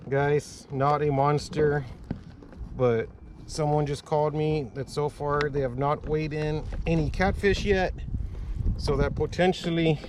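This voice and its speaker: Fishing vlogger on a kayak, excitable and foul-mouthed, slightly high voice, loud outdoor noise. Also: male voice. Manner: excitable, swears often, talks to viewers. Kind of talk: casual vlog narration.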